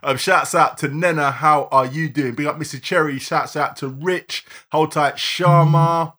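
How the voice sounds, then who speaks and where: Lively bright-voiced man. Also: fairly high pitch, measured pace. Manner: lively banter, reeling off listener shout-outs. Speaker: podcast co-host. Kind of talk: casual live-streamed podcast chat.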